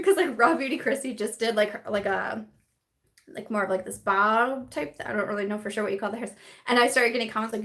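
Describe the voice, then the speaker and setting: A woman in her late twenties or thirties hosting a casual beauty live stream, chatting loosely and reading viewer comments aloud. Her voice sits at an ordinary middle pitch for a woman, and her talk wanders, full of fillers and restarts. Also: fairly even intonation, a little fast, a bit bright. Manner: chatty and rambling, with many fillers and repeated restarts.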